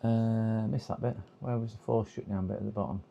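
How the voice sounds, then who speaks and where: A man's voice: on the low side, steady tone, a little fast, vocal fry, dark tone, muffled recording, a little hiss or hum. A man on a live repair stream, thinking aloud and reading instructions half to himself with hesitant fillers. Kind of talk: casual live-stream chat. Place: repair workbench.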